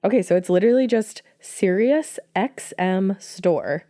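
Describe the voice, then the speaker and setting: A woman's voice: mid-range voice, lively intonation, measured pace, mellow, dry recording, clean studio sound. A woman in her twenties co-hosting a chatty podcast, rambling and self-deprecating, congested from allergies. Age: 20s. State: congested, coughing from allergies and asthma. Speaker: podcast co-host. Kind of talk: casual chat.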